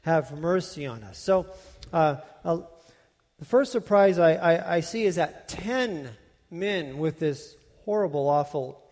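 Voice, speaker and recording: A man's voice: fairly high pitch, slow pace, darkish tone. A man preaching from the pulpit with a slightly raised voice, talking the congregation through a passage in an easy, conversational way. He often restarts and doubles back on his words. His voice rings out with a long reverb in a church hall. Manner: conversational teaching with frequent restarts and repeated words. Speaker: pastor. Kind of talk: sermon.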